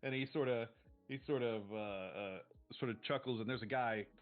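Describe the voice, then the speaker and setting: A man's voice: medium pitch, moderate pace. A man running a tabletop role-playing game as game master, narrating loosely with many fillers. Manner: loose, filler-heavy describing. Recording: tinny phone-like sound, faint music.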